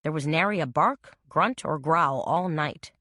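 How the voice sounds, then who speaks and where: A brash New Orleans woman with a lazy drawl and a low, dry voice, as a woman reads her in a mystery audiobook. Her accent is New Orleans, her talk unhurried and bold. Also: dry recording. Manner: quiet drawl. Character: sleepy, brash Southern woman, shop owner.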